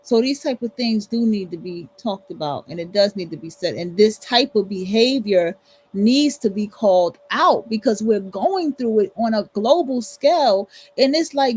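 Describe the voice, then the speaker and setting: A woman's voice: medium pitch, expressive, normal speed, darkish tone, husky, low-quality recording. A woman hosting a livestream, ranting bluntly and profanely in casual commentary, with features. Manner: blunt, profane, emphatic repetition. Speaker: livestream host.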